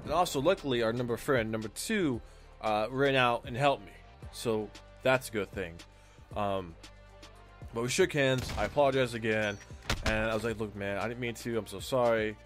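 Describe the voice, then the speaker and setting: A man's voice: medium pitch, normal speed, faint music behind. A man casually telling a personal story to his viewers, acting out what people said and using lots of fillers. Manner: animated retelling, acts out quoted lines, frequent fillers.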